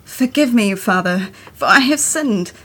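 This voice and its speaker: A woman poet reading her own poem in a measured, expressive way. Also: medium pitch, husky. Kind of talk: poetry reading.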